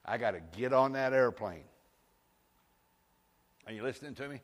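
A man preaching a sermon, firing rhetorical questions and rising to shouts. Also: mid-range voice, expressive, normal speed, long reverb tail. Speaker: pastor. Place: church sanctuary.

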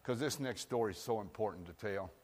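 A man preaching a sermon in a folksy way, moving from loud outbursts to quiet asides. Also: fairly low pitch, fairly quick, breathy edge, big-room sound. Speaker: pastor.

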